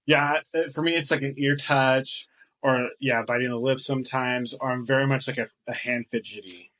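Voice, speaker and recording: A man's voice: mid-range voice, steady tone, normal speed, fairly bright tone. Guy cohosting a chill podcast, jokey, swears a lot, laughs easy. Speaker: podcast co-host. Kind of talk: casual chat.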